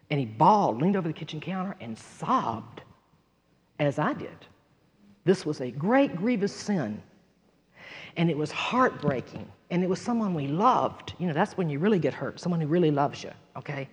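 Woman giving a sermon, earnest, emphatic, lively pitch, reverberant hall. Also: moderate pace, slightly rough. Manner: earnest and emphatic, shifting between loud conviction and hushed retelling. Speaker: Bible teacher.

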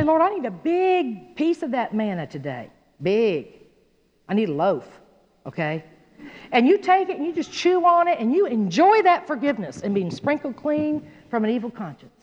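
A woman teaching a Bible study in a folksy, animated way, often checking in with her listeners. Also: a little high. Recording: dull sound in a reverberant hall.

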